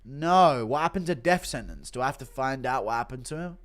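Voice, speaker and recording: A male streamer giving loud, profane play-by-play while he reacts to a fight and reads chat. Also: medium pitch, brisk. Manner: excitable, profane, loud bursts. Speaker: streamer host.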